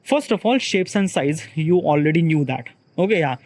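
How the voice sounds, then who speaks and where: A man's voice: on the high side, lively intonation, moderate pace, darkish tone, no room sound. A man with an Indian accent, talking through ideas in an unscripted solo monologue, rambling and filling gaps with "okay, yeah". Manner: rambling, constantly repeats "okay, yeah" and "kind of like"; searching for words, many restarts. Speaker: solo podcaster.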